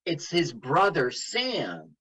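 Husky man with a lively voice. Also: on the high side, slow, rough recording. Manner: animated, quotes scenes in put-on voices. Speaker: radio co-host. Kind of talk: casual movie commentary chat.

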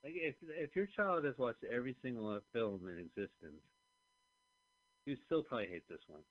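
A man co-hosting a podcast, trading quick jokes and asides while watching a film. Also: medium pitch, expressive, no echo. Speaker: podcast co-host. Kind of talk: casual movie commentary. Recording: dry lo-fi sound.

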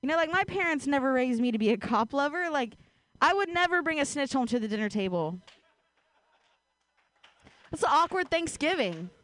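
A woman's voice: sits high, very animated, normal speed, long pauses, a bit bright, no room sound. A woman doing a stand-up comedy set on a stage mic, chatty and self-mocking, full of fillers. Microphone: handheld stage mic.

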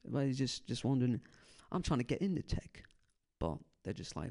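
Gravelly laid-back young comedian drawling "man". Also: medium pitch, big pitch swings, fast talker, dark tone. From San Francisco Bay Area. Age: 20s. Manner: laid-back stoner drawl, trails off, says man constantly. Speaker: stand-up comedian doing crowd work. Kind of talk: stand-up crowd work.

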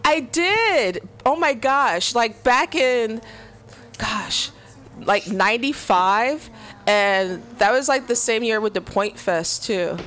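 A woman co-hosting a radio talk show, talking bluntly and quickly in casual chat and laughing often. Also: a little high, animated, fairly bright tone.

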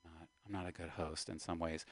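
A man's voice: sits low, a little fast, no echo. A middle-aged man hosting a radio show in a small studio, chatting casually with a guest, joking and teasing. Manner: joking, animated, talks over his guest. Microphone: studio microphone.

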